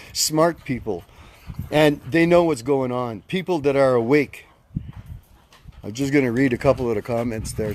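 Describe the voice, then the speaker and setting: A man's voice: mid-range voice, a little mellow, a little hiss or hum. A man in his fifties, angry, giving a blunt and emphatic rant to his followers and repeating his key points. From Canada. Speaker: group leader addressing followers. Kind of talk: self-recorded social media rant.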